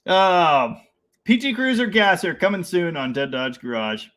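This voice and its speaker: A Canadian man hosts a casual live stream, reading viewer comments and riffing on them with easy laughter. His voice sits slightly high and sounds bright and forceful. He rambles excitedly from one idea to the next.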